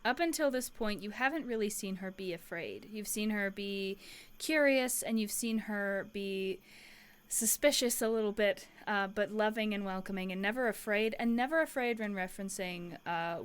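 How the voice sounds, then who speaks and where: A woman's voice: medium pitch, normal speed, smooth. Casual woman game master. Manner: casual, many fillers and restarts. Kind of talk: narrating a tabletop game.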